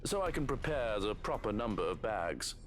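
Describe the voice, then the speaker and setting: A man's voice: fairly low pitch, very animated, moderate pace, soft background music. An actor playing a cold, mocking male henchman in a horror game. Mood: smug. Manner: smug, mocking threats.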